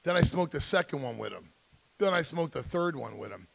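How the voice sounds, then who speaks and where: Gravelly-voiced man telling his story. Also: on the high side, animated, brisk, noisy background. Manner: acts out quoted voices, emphatic, intense. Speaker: speaker at a school drug seminar. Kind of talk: personal storytelling talk.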